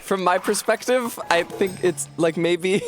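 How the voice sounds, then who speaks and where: A man streaming a game from his home setup talks in loose, rambling asides, full of jokes and swearing. His voice sits a bit higher than most men's. Soft game music plays faintly underneath. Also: unhurried. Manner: joking, profane, rambling asides. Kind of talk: casual chat while gaming on stream.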